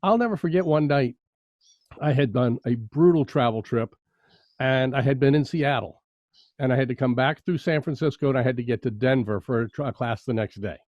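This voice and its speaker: A man's voice: mid-range voice, brisk, dry recording. A man chatting in a casual interview, an enthusiastic, emphatic storyteller. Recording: dry, slightly dull sound.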